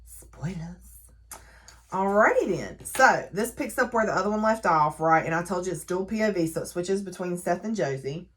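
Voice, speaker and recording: A woman recapping and reviewing a novel in a chatty, animated way, laughing often and using lots of fillers. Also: on the low side, brisk, hardly any pauses, a little hiss or hum. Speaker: book reviewer. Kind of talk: casual book recap.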